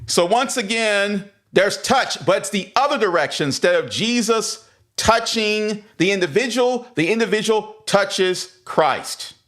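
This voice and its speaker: A man's voice: high-pitched, animated, a little slow, a bit bright. A man leading a livestreamed Bible study who reads scripture aloud and then explains it, stressing key points again and again. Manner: greets viewers in the chat mid-lesson. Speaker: Bible teacher.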